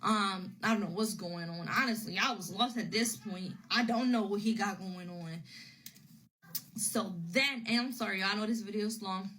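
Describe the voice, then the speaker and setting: A woman's voice: medium pitch, normal speed, a bit bright, slight background noise, rough recording. A woman casually telling a personal story to her phone camera, rambling and repeating herself as she retells what people said.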